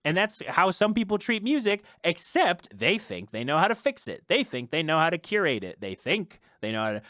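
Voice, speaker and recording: A man's voice: on the high side, sing-song, fairly quick, hardly any pauses, fairly bright tone, dry recording, studio quality. A young man hosting his own podcast, ranting off the cuff with laughter and exasperation. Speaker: podcast host and musician.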